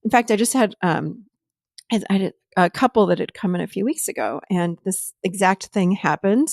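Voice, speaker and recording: A middle-aged woman hosting a podcast, telling stories from her therapy practice in an animated way and sometimes laughing as she talks. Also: mid-range voice, normal speed, creaky, no echo, clean studio sound. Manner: animated storytelling, laughs while talking. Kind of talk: casual chat.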